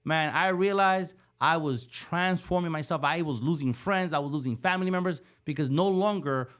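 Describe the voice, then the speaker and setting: Animated storytelling man. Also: a little high, moderate pace. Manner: animated, acts out the voices in his stories. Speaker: podcast guest. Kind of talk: storytelling in casual conversation.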